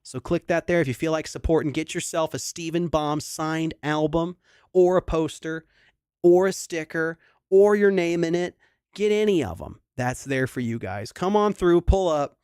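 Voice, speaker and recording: A man's voice: on the high side, normal speed, darkish tone, clear, resonant tone, dry recording, studio quality. Chatty man telling a sentimental story. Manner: rambling, sentimental storytelling with restarts. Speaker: singer hosting a livestream concert. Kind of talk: casual livestream chat.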